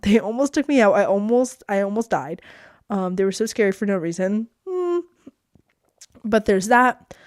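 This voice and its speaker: A woman's voice: mid-range voice, darkish tone, no room sound, studio quality. A teenage girl hosting her podcast from her bedroom, rambling and self-deprecating to the camera. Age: teens. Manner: chatty, rambling, self-deprecating with frequent laughs. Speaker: podcast host. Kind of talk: casual solo podcast vlog.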